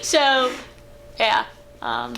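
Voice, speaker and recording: A young adult woman co-hosting a vlog, telling stories in an animated, chatty way. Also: on the high side, extremely slow. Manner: animated, chatty, with fillers and giggles. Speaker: vlog co-host. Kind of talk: casual storytelling chat. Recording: faint background noise.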